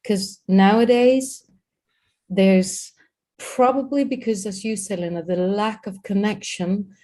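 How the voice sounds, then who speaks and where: Energetic woman coach, mellow voice. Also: mid-range voice, takes it slowly. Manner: energetic, repeats words, talks to a co-host. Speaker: host and communication coach. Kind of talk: live-streamed coaching talk.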